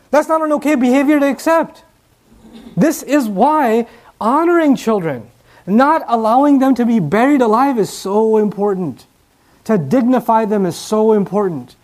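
A man's voice: extremely high pitch, a little mellow. A man giving a sermon, emphatic, with repeated rhetorical questions. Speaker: preacher.

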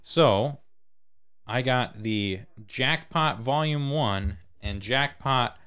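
A man's voice: mid-range voice, very slow, a bit bright, clear, resonant tone. A man co-hosting a podcast in casual banter, joking, laughing often and swearing freely. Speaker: podcast co-host.

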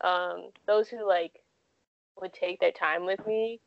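A woman in her twenties, a guest in a casual interview, tells stories chattily with lots of "like" and "um" fillers. Her lowish voice is gravelly, slow and steady in tone. The audio is lo-fi, with no room sound.

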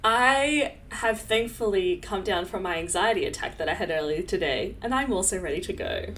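A woman's voice: medium pitch, lively intonation, moderate pace, fairly bright tone, slight background noise. A young woman co-hosting a casual podcast, bubbly and playful, laughing often as she chats. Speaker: podcast co-host. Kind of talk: casual chat.

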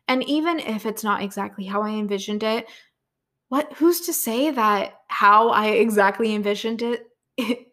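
A young adult woman hosting a podcast, talking through a motivational lesson in a chatty, casual way, tossing in "right?", filler words and the odd swear. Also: a little high. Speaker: podcast host and business coach.

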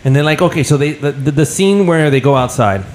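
A man's voice: a little high, a little fast, darkish tone. A man co-hosting a podcast, telling what he watched in a loose, rambling way and swearing casually. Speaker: podcast co-host. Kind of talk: casual film discussion.

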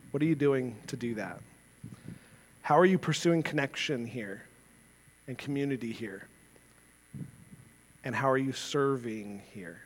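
Speaking in a mid-range voice, a pastor delivers an earnest, conversational sermon in a large church sanctuary. He puts rhetorical questions to his listeners.

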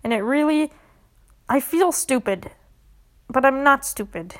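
A woman's voice: sits high, expressive, measured pace. Earnest woman guiding a self-help exercise. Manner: earnest and emotional, talks through tears at times. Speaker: podcast host.

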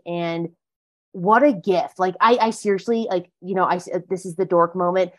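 A woman's voice: mid-range voice, moderate pace, darkish tone. A woman guest on a podcast, telling her story in a chatty, emphatic way with lots of filler words. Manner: chatty and emphatic, heavy use of "like". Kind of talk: casual conversational interview.

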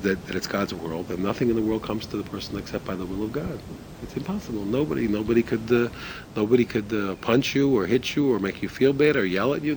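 A man's voice: medium pitch, a little mellow, slight background noise, low-quality recording. A man teaching a religious ethics class in a conversational way, asking rhetorical questions and restarting his sentences often. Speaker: Torah teacher.

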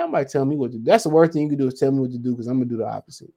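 A man with a medium-pitched, dark voice and some vocal fry talks at a racing pace. He hosts a casual solo podcast, rambling in slangy, profane language and reading listener comments aloud.

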